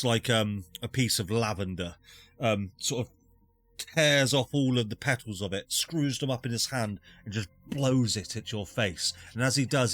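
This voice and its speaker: A man running a tabletop game, his voice bright and forward. He describes scenes in loose, meandering sentences full of fillers. The delivery is relaxed and improvised. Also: mid-range voice, no echo. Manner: loose, rambling narration with fillers. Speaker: game master.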